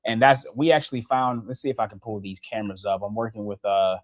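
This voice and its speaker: Speaking quickly in a lowish voice with fairly even intonation, a young man delivers a chatty live-stream weather update from a TV station studio. As a TV meteorologist working the radar, he laughs frequently, and the audio has no echo.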